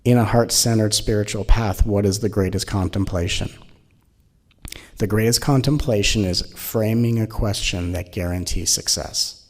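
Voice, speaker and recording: A man giving an animated, playful spiritual talk as a teacher, often slipping into mocking voices. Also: lowish voice.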